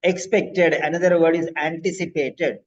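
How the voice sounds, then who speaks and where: A man's voice: fairly high pitch, steady tone, normal speed. A male language teacher who encourages and corrects students' sentences during an online exam-prep class. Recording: dull lo-fi audio.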